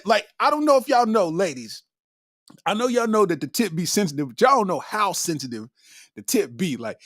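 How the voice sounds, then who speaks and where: Recorded dry with clean studio sound, this man's voice is high and fairly bright. He hosts a comedy podcast, reacting to viewer comments in loose, slang-heavy riffs. He laughs nonstop between lines.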